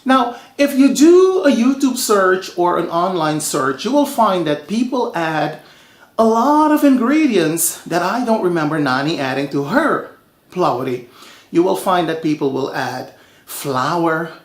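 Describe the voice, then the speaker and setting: A man's voice: high voice, a little slow, echoey room. Chatty man hosting a cooking show. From Suriname. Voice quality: lively, chatty storyteller. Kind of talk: casual cooking show talk.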